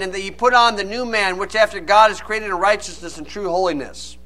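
A man's voice: sits high, sharp tone. A man preaching a sermon, reading old scripture aloud and then explaining it in plain, folksy asides. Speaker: pastor.

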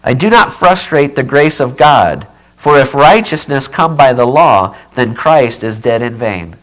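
A man's voice: medium pitch, animated, a little slow, poor audio. A man preaching a Bible teaching sermon, emphatic and repetitive, often checking in with "okay". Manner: emphatic, repeats key phrases, checks in with okay; says he keeps yelling.

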